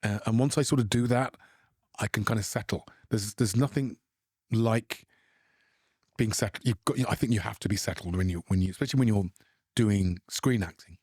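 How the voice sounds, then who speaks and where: Speaking with a British English accent, a middle-aged actor from England gives thoughtful, halting answers in an interview, repeatedly starting over. His somewhat low, gently mellow voice comes through clean and echo-free, as in a studio.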